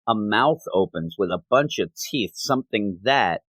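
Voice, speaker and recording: A man's voice: lowish voice, lively intonation, measured pace, fairly bright tone, dry recording. A man hosting a comic book podcast, recapping a story in a conversational way and quoting characters' lines as he goes. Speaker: podcast host. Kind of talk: casual comic book review.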